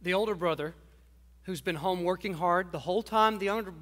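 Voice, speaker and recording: A man's voice: high voice, brisk, fairly bright tone, in a large hall. A man preaching a sermon in a conversational, emphatic storytelling manner. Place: church.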